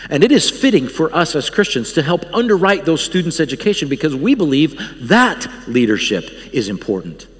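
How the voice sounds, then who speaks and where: A man's voice: on the high side, big pitch swings, brisk, few pauses, fairly bright tone. A man who leads a Bible college, preaching a guest sermon with earnest, emphatic appeals and frequent restarts. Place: church sanctuary. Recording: long church hall reverb.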